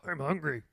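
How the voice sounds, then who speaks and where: A man's voice: on the high side, no room sound. A man co-hosting a casual comedy podcast, presenting the topic in a playful, joking way. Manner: playful, jokey, breaks into silly sung bits.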